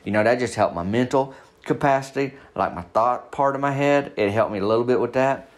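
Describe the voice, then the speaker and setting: A man telling a long comic story in a folksy, deadpan way, sometimes slowing down to spell things out. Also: medium pitch.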